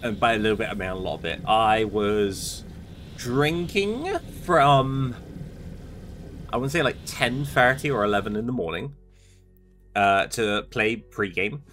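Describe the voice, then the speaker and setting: A young man streams a game and chats casually, a little sleepy, rambling as he responds to his chat. His voice is on the low side and a bit bright, with a measured pace, and faint music plays in the background.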